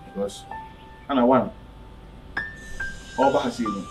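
A man with a Ghanaian accent acting a young man caught in a house dispute, speaking haltingly and repeating words, with music behind him. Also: mid-range voice, lightly acted. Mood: pleading. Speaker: actor in a web drama. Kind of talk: dramatic dialogue.

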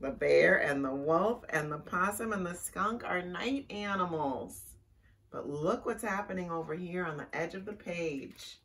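A woman's voice: on the low side, far from the mic, a little hiss or hum. A woman librarian reading a picture book aloud to young children, chatty and asking them questions. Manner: slow, lively and chatty with young listeners.

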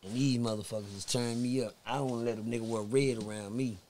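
Talking fast at medium pitch, with a little hiss or hum in the background, a Texan podcast guest recounts a story. His speech is casual, profane and animated, and he voices the people in it himself.

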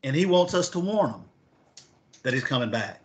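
A man's voice: mid-range voice, big pitch swings, moderate pace, dull audio. A man teaching a Bible lesson, reading scripture aloud and asking his listeners questions. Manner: asks the class questions, reads scripture aloud.

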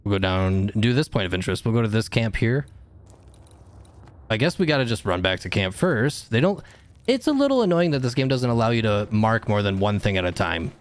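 A man streaming a video game live, chatting casually with his viewers and shouting at the screen during fights. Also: on the low side, big pitch swings, fairly quick, dry recording. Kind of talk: casual gameplay livestream chat.

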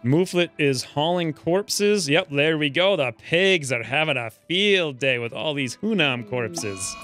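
A man's voice: fairly high pitch, a little slow, hardly any pauses, faint music behind. A man giving casual, joking commentary over a game, now and then ranting in character as his angry dwarf. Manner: joking, animated, voices his dwarf's rants. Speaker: let's play host.

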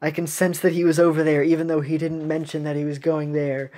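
A woman's voice: low voice, little pitch movement, fairly quick, warm tone, lightly acted. A woman voicing a stern, proud cookie navy captain who gives dry, commanding orders while she reads game cutscenes. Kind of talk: reading game cutscenes aloud.

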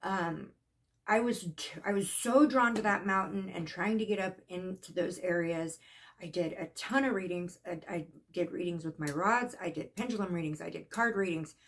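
A woman telling a personal story in a casual, earnest way, halting and shaken at times. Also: on the low side. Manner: earnest, emotional, halting with restarts. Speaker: psychic vlogger.

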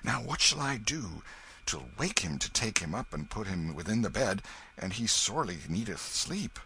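A man's voice: fairly low pitch, big pitch swings, normal speed, creaky, pushed and bright, slight background noise, heavily acted. A man voicing a tall, kindly knight in an audiobook, speaking in a cheery, bluff old-fashioned way. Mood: concerned.

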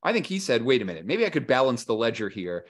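Guy chatting about history, middle pitch, does little voices for who he's quoting, lots of um and restarts. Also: fast. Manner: animated storytelling, acting out quoted historical figures in casual voice; frequent fillers and restarts. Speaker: historian and author guest. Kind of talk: conversational interview.

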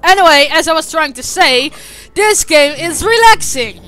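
A woman giving let's play commentary over a game she hosts, swearing a lot and often breaking into shouted, frustrated outbursts. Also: high-pitched, lively intonation, moderate pace. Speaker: gaming video host.

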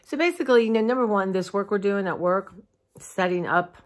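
A tired woman, talking heartfelt and rambling to her followers in a casual vlog, clearing her throat now and then. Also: mid-range voice, a little fast. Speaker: vlogger. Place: dim room at home.

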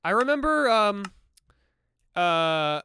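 Joking young man streaming, slow and high. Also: big pitch swings, pushed and bright, a little hiss or hum. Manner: joking, self-mocking, halting clumsy Spanish. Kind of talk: casual gaming livestream chat.

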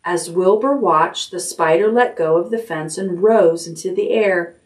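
A woman librarian reading a chapter book aloud at bedtime in a gentle, expressive storytelling way. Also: on the low side, measured pace. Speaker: children's librarian. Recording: voice a little distant from the mic.

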